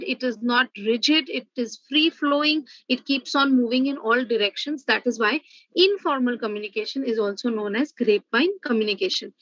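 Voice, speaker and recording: A woman professor walks students through an online revision lecture, step by step, with the odd filler. Her voice sits high and bright. The recording is dry and a little muffled. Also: dry recording. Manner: explains step by step, with filler "uh" and "okay".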